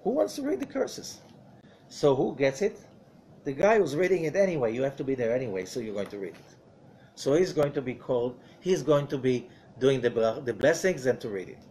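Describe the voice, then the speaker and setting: A man's voice: medium pitch, expressive, brisk, darkish tone, slight background noise. A man, a rabbi, teaching a Zohar study lesson in a conversational way, often asking rhetorical questions.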